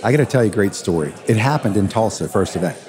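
A man who hosts a radio show, telling stories in an interview with animated, emphatic delivery. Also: fairly low pitch, quick pace. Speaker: radio host and attorney, guest. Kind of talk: conversational storytelling interview. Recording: crowd chatter behind.

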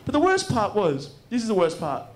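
An Australian man with a fairly high voice and slightly quick pace co-hosts a live comedy podcast in front of an audience. He tells a story with animation, acting out what the people in it said.

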